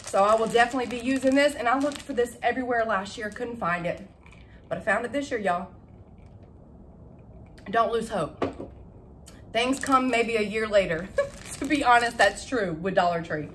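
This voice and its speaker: A young woman chatting casually to camera about her shopping haul, excitable and laughing at her own slips. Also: fairly high pitch, moderate pace, long pauses, a little hiss or hum. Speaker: vlogger showing a shopping haul. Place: at home.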